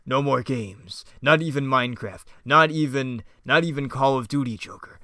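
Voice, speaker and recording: A man voicing a stern caped crime fighter with a gruff, blunt delivery. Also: medium pitch, normal speed, pushed and bright, dry recording, studio quality, lightly acted. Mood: commanding.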